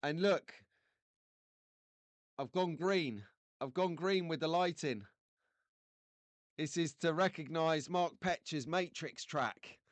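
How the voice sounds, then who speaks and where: A man's voice: on the high side, takes it slowly, pauses often, no room sound. A man from England hosting a casual live stream, chatty and jokey, greeting viewers by name.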